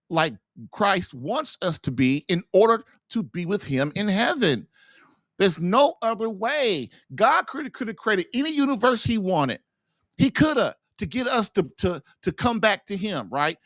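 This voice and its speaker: Preachy man, podcast host, impassioned monologue, rhetorical questions, swooping pitch, dry close mic. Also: a bit bright, no room sound. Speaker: podcast host and marriage coach.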